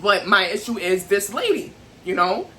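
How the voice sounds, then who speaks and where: A woman's voice: medium pitch, sing-song, normal speed, sharp tone, a little hiss or hum, poor audio. A young adult woman venting to camera in an emotional, heated, rambling way, full of "like" and "you know what I'm saying". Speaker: vlogger.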